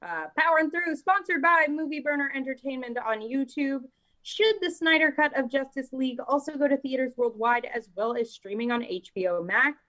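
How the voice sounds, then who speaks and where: A woman's voice: sits high, normal speed, pushed and bright, poor audio. A woman co-hosting a movie podcast, talking casually and reading out poll results. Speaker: podcast co-host. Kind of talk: casual chat.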